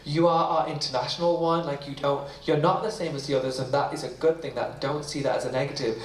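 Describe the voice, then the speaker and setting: A British man in his thirties, appearing as an author guest, tells stories on stage to an audience in a library event hall, chatty, self-mocking and often laughing. His voice is a little high and steady, and he talks fast. The mic picks him up from a distance in the roomy hall, with a little hiss or hum.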